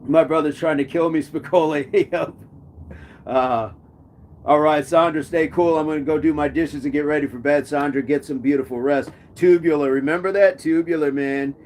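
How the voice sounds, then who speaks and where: A man's voice: fairly high pitch, fairly even intonation, moderate pace, a little mellow, slight background noise. Jokey man hosting a live chat. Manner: jokey, reads comments aloud and riffs on them. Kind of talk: casual live chat, reading viewer comments.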